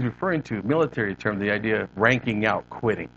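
A man's voice: fairly low pitch, quick pace, hardly any pauses, highs cut off, slight background noise. A man preaching a sermon as a pastor, telling a story conversationally to his congregation.

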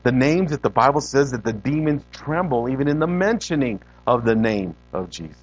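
A man preaching a sermon as a guest preacher in a church, animated and conversational, repeating words for emphasis and talking straight to the congregation. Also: medium pitch, fairly quick, few pauses, highs cut off.

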